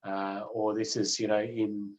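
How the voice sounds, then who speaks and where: A man teaching a road safety course online, in a relaxed, chatty way with many fillers and restarts. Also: lowish voice, a little slow, rough recording.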